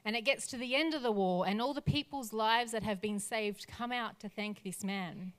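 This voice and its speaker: A woman's voice: a little high, moderate pace. A woman pastor preaching a sermon in an earnest voice, building lists of phrases toward a rousing close. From Australia.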